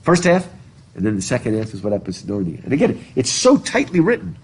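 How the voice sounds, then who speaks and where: A middle-aged man teaches a literature class, his voice a bit husky and muffled by a mask. He rambles through tangents, reads passages aloud and keeps asking the students questions. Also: mid-range voice, wildly swooping pitch, fast. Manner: chatty, digressive, asks the class questions. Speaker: college professor. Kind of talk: classroom lecture with reading aloud. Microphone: recording device in a classroom, speaking through a mask.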